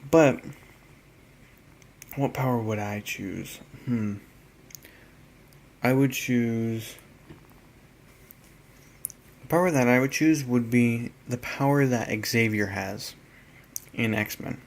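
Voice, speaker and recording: A tired man narrating a casual hobby painting vlog, halting and rambling as he trails off mid-thought. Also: mid-range voice, vocal fry. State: tired, yawning.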